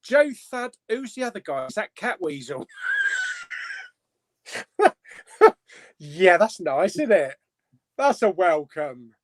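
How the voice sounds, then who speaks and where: Jokey high-voiced man hosting. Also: very animated, slow, pauses often, dry recording. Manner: jokey, laughs often. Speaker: host of a live chat show. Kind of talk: casual live-stream chat.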